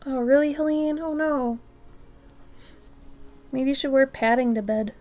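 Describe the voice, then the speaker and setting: A woman artist chatting casually with her live-stream viewers, often dropping to a soft near-whisper and breaking into excited exclamations. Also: high-pitched, measured pace.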